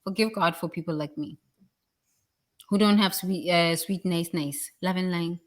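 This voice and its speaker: Brief: woman, motivational speaker, blunt and preachy, swears, slightly low voice. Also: measured pace. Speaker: leadership speaker. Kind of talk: motivational talk.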